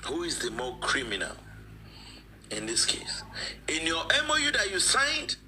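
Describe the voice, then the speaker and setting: A man's voice: on the high side, wildly swooping pitch, unhurried, pushed and bright, slight background noise, poor audio. A man, speaking as a guest in a live-stream discussion, emphatic and repeating phrases for stress.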